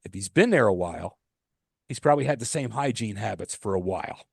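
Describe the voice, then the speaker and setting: Male podcast co-host, bouncy pitch, teasing and repetitive, dry close mic. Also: a little fast, gravelly, husky, no echo. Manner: animated, joking, repeats himself. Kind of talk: casual chat.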